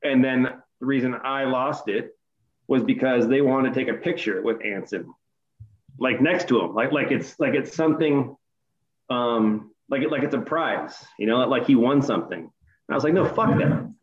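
A middle-aged man in casual chat, retelling a story with animated, profane energy. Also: medium pitch, moderate pace, lo-fi sound. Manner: animated, profane retelling, voice rising in quoted outbursts.

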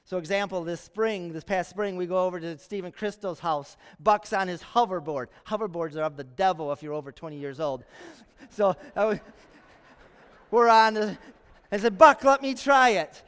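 High-voiced male pastor in a reverberant church. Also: moderate pace, smooth. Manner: lively storytelling with humor, acting out quotes. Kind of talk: sermon. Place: church sanctuary.

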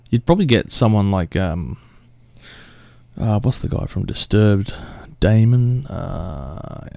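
A man's voice: mid-range voice, gravelly, mellow, dry recording. A man casually reacting to a song cover, blunt and swearing often, with short laughs. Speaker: music reaction host.

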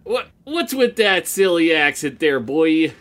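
A man playing Tarzan as a rambling, easily distracted father in an improvised comedy podcast, talking haltingly with many fillers. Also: a little high, big pitch swings, a bit bright.

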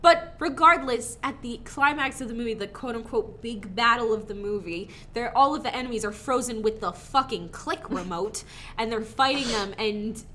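Woman podcast co-host, bright and a bit high, animated, sarcastic, cusses. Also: moderate pace, slight background noise. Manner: animated, sarcastic, swears freely. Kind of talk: casual movie review chat.

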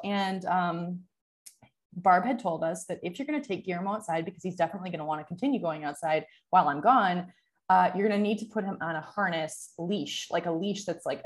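Young adult woman, casual chatty storyteller, filler-heavy, quick to laugh. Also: on the low side. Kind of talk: casual chat, personal storytelling.

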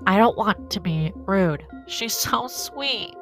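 A woman voicing a nervous, polite young man who talks through his nose in a hushed, hesitant way. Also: medium pitch, lively intonation, slow pace, faint music behind. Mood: queasy, uneasy. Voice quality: nasal, mouth-breathing.

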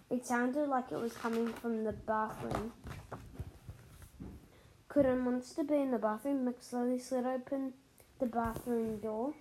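A woman reading a children's story aloud, expressive, with dramatic pauses and sound words. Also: on the high side, background noise.

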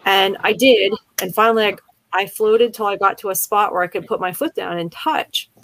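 A woman's voice: medium pitch, moderate pace, a bit bright, dry recording, low-quality recording. An older woman from Pennsylvania, chatting casually and telling a long personal story with many fillers and restarts. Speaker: conversation partner. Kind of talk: casual chat.

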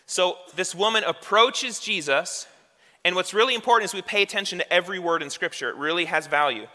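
Bright-voiced preacher in a reverberant hall. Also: male voice, sits high, a little fast. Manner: conversational preaching with rhetorical questions. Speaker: pastor. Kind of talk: sermon.

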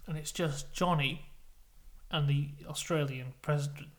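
A man co-hosting a podcast, telling an absurd comic story deadpan, dropping to a hush for suspense. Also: fairly high pitch, unhurried. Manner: deadpan, builds suspense with hushed narration. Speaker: podcast co-host.

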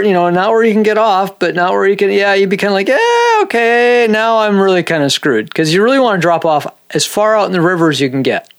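A man from Minnesota hosting a podcast, rambling through jokey stories and chatting casually with his co-host. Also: sits high. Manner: rambling, jokey storytelling with laughs.

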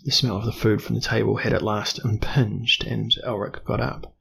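A man narrating a fantasy novel in a steady storytelling voice. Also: mid-range voice, normal speed, vocal fry, few pauses, slightly rough. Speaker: audiobook narrator.

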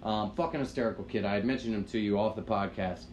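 A man's voice: on the low side, fast, darkish tone, a little hiss or hum. A man telling a long story on a podcast in casual chat, rambling and swearing, with lots of "like" fillers. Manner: rambling, profane, frequent "like" fillers. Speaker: podcast co-host.

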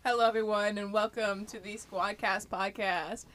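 A young woman co-hosting a casual podcast chat, playful and quick to laugh. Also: medium pitch, fairly even intonation, background noise. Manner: giggly, playful. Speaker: podcast co-host.

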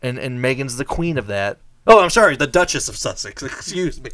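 A man hosting a podcast in casual chat, sarcastic and animated, laughing often. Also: mid-range voice, a little fast, dry recording. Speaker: podcast host.

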